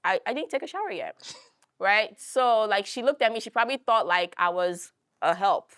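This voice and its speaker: A lively young woman with a Philadelphia accent tells a story, her pitch leaping around as she acts out each voice she quotes. Her speech is loose and full of fillers. The sound is close and dry, with no room echo. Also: moderate pace, clean tone. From United States. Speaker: guest speaker. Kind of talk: personal storytelling talk.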